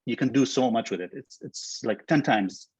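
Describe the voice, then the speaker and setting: A man speaking as a guest in a casual interview, thinking aloud with many restarts. His voice is slightly husky and sits at an ordinary pitch. The sound is dry and a bit dull, as over a video call. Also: moderate pace, a little mellow, no room sound. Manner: thoughtful, many fillers and restarts. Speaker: guest, software co-founder.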